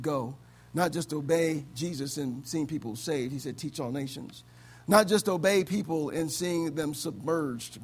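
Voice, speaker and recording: Man, pastor, sermon, high voice, husky, from the States, loud and soft swings. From United States. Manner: swings between loud exclaiming and low quiet delivery.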